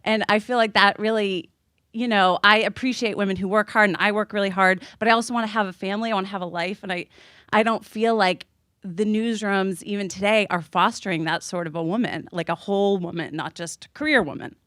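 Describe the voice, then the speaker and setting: A young woman in the audience asks an earnest, somewhat hesitant question, leaning on fillers as she finds her words. Her pitch sits in the middle range, and the sound is close and dry. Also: brisk, fairly bright tone, no echo. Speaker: audience member asking a question.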